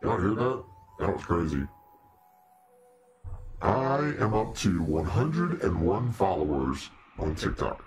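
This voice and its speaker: A man with an extremely low, rumbling voice hosts a casual livestream in a demon persona. He rambles, jokes and chats directly with his viewers. Faint music sits in the background. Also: sing-song, slow pace, pauses often. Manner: rambling, joking, talks to viewers.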